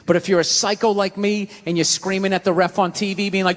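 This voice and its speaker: A man doing a stand-up routine, ranting in an animated, profane way. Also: high voice, quick pace. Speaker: stand-up comedian. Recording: live venue reverb with faint noise.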